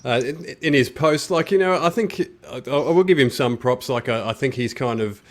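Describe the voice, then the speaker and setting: A man's voice: medium pitch, normal speed. A man hosting a fight podcast, speaking carefully with many ums and hedges. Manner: hesitant, full of ums and hedges. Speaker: podcast host. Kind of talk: casual podcast chat.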